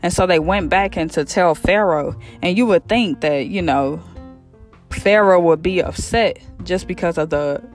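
A man retelling a Bible story in a casual, lively way, acting out the characters' lines in slang and repeating himself as he goes. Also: high-pitched, unhurried, faint music behind. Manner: animated, acts out quotes in slang, repeats himself. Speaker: podcast storyteller.

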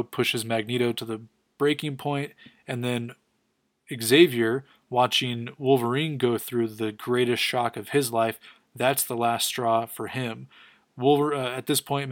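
A man giving a casual, enthusiastic comic book recap, quick and full of fillers. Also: medium pitch, no room sound. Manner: rapid, filler-heavy, enthusiastic.

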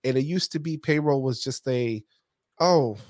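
A man's voice: mid-range voice, normal speed, dry recording, clean studio sound. A man in a casual business conversation, recounting his accounting firm's experience and repeating key phrases for emphasis. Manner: storytelling, repeats himself for emphasis. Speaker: accounting firm owner.

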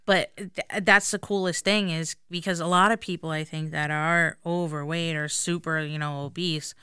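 A woman's voice: low voice, steady tone, moderate pace, sharp tone, clean tone, dry recording, clean studio sound. A young adult woman co-hosting a podcast, chatting candidly and casually, swearing now and then. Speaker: podcast co-host. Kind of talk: casual chat.

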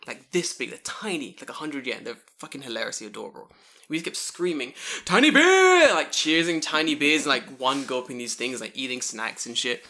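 A man telling stories in a casual podcast chat, animated and full of swearing. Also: mid-range voice, fairly quick. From English-speaking foreigner living in Japan.

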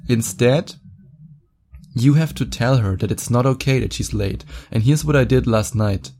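A young German man hosts a casual monologue podcast, his mid-range voice warm in tone. He talks bluntly and boastfully, swearing freely.

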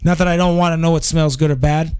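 Easygoing host, somewhat higher male voice, swears constantly and says "dude" a lot. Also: level tone, fast, a little mellow, clean tone. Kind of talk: casual chat.

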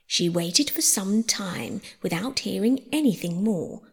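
A woman reads a storybook aloud in an expressive way, her pitch rising and falling freely. Her voice is breathy. A long hall reverb trails behind each line. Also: a little slow, hardly any pauses. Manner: expressive, acts out each character. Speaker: audiobook reader. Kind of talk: storybook narration.

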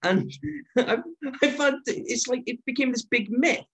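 A man's voice: extremely high pitch, a little slow. A man hosting a podcast, asking questions eagerly and laughing often. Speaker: podcast host. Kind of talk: casual podcast interview.

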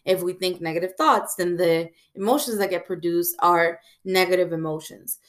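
A woman hosting a podcast, giving casual advice in a reflective way, often pausing on "um" and checking in with "right?". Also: on the low side. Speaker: podcast host.

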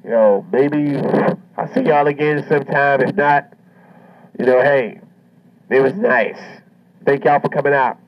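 A man's voice: mid-range voice, fairly even intonation, unhurried. A man doing a stand-up comedy routine, brash and swaggering, with heavy profanity. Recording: muffled lo-fi recording.

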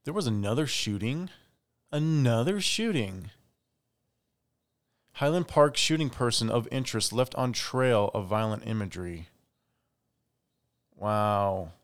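A man's voice: lowish voice, normal speed. Chatty opinionated man hosting a podcast. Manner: chatty, opinionated, animated asides. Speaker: podcast host. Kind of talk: casual solo podcast monologue.

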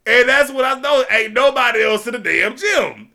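A young man telling a profane, animated story, swearing freely and shouting as it builds. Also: very high voice, moderate pace, vocal fry.

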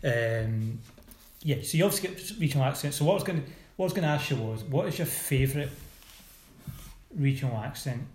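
A man's voice: mid-range voice, animated, brisk, darkish tone, reverberant. A Scottish man hosting a casual podcast chat, rambling and teasing with many restarts. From Scotland.

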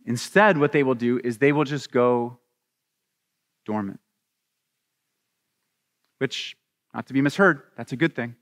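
A man preaching a sermon as a pastor, animated and acting out little scenes with voices. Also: mid-range voice, measured pace, pauses often, in a large hall.

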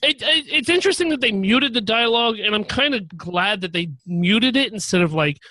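A man's voice: high voice, lively intonation, brisk, bright, forceful tone, no room sound. A man co-hosting a casual chat show, talking in loose rambling bursts and often repeating his first words. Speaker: podcast co-host.

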